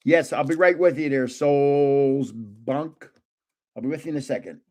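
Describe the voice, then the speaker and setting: A man's voice: a little high, rapid-fire, a little mellow. An older man hosting a casual live stream, chatting and joking as he guesses card names aloud. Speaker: livestream host opening trading cards.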